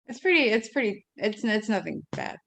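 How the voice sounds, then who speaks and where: A woman writer chatting about her piece in an excitable, self-deprecating way, tripping over her words. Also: medium pitch, normal speed, gravelly. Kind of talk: casual chat.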